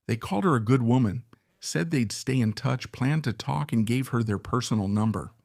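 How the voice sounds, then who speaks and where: Gravelly man giving emphatic commentary. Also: medium pitch, moderate pace, a little mellow, no echo, clean studio sound. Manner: emphatic, repeats points and fires rhetorical questions. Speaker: political commentator. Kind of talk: opinionated current-affairs commentary.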